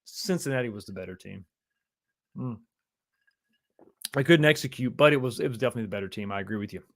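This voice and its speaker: A man's voice: mid-range voice, lively intonation, quick pace, fairly bright tone. A man, hosting a casual livestream and chatting through viewer comments in an easygoing way. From Texas, USA. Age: 40s. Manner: chatty and easygoing, with frequent chuckles and repeated phrases. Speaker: livestream host.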